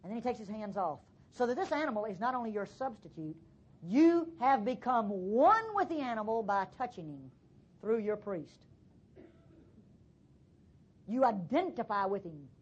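Woman preacher telling it like a story, husky, pitch jumping all over, muffled lo-fi sound. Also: big pitch swings, normal speed, long pauses. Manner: dramatic storytelling, swings from hushed to loud. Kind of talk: sermon. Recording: dull lo-fi recording.

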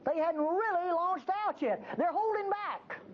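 On dull, faintly hissing lo-fi tape, a woman with a very high-pitched voice explains a Bible passage to a church group at a measured pace. She keeps it conversational and lively, acting out the prophet's pleas.

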